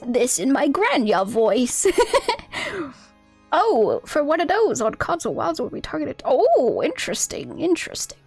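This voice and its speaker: A woman's voice: high-pitched, very animated, a little slow, gravelly, a little mellow, soft background music. A woman streamer chatting casually with her viewers during a game, giggling constantly and reacting playfully. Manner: giggly, laughs constantly between lines.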